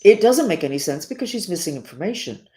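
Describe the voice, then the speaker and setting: A woman teaching spiritual matters talks to her listeners with urgent sincerity, circling back through repetition and slowing to press on crucial words. Her voice is lowish and mellow, with big swings in pitch.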